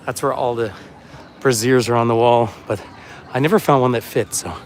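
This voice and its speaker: A man's voice: medium pitch, steady tone, moderate pace, crowd noise. A man livestreaming a walking tour outdoors, chatting and rambling as he reads out viewer comments, filmed on a phone camera as he walks. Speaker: tour guide. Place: outdoors on a city waterfront street.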